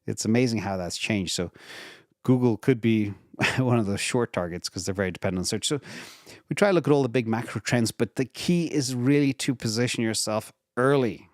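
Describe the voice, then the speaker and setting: A man's voice: medium pitch, brisk, a little mellow, dry recording, clean studio sound. A man hosting a live viewer Q&A on investing, talking casually in long, rambling explanations full of fillers and restarts. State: retired from regular work. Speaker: investing channel host. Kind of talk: live Q&A answering viewer questions.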